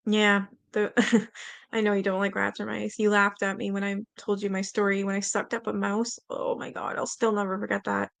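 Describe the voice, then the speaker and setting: Gravelly bright-voiced Canadian woman livestreamer. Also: mid-range voice, flat delivery, normal speed. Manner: chatty, swears freely, laughs often. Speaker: livestream host. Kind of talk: reading aloud and chatting with live viewers.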